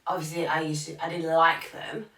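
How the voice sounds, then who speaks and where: A woman's voice: low-pitched, level tone, brisk, bright, forceful tone, recorded from a distance. A woman co-hosting a podcast, chatting casually and rambling with many fillers and restarts. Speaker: podcast co-host. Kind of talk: casual chat. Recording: roomy, off-mic sound.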